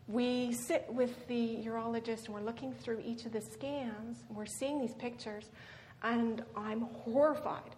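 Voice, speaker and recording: Brief: middle-aged woman, earnest seminar speaker, slightly high voice, reverberant hall, faint hiss. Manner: earnest, frequent "um" and "right?". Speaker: guest speaker. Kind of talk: personal story in a seminar talk.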